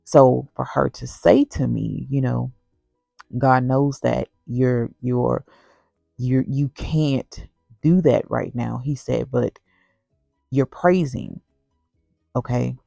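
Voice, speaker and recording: A woman's voice: extremely low pitch, steady tone, slow pace, vocal fry, pauses often, dark tone, dry recording, soft background music. A woman telling a personal faith story to the camera, rambling and earnest, with constant "you know" fillers. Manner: earnest and heartfelt. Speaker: vlogger sharing a personal story. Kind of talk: casual faith testimony.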